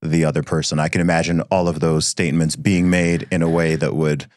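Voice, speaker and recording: A man with an extremely low, deep voice asks careful, considered questions as a podcast host. His delivery is measured, and the recording is dry and close. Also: level tone, darkish tone, no echo. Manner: thoughtful, measured questions with frequent listening murmurs. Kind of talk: conversational interview.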